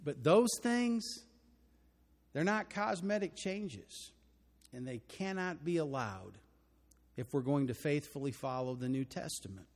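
An older man with a Texan accent delivers a sermon from the pulpit, earnest and emphatic, often swelling into loud, ringing declarations. His voice sits a little high for a man, and it trails off into the long reverb of a large church hall. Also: animated, measured pace. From Texas. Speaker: preacher. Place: church auditorium.

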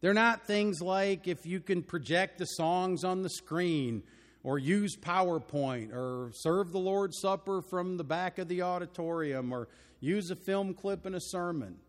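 Older Texan preacher in a reverberant hall. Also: male voice, sits high, a little slow. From Texas. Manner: earnest, emphatic, building to loud declarations. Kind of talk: sermon. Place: church auditorium.

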